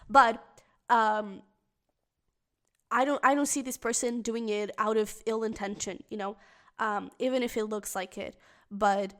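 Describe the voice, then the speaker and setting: A woman's voice: medium pitch, a bit bright. A woman giving a pick-a-card tarot reading. She speaks earnestly and with feeling, straight to the viewer, and thinks aloud as she reads the cards. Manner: earnest and emotionally invested, speaks directly to the viewer. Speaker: tarot reader.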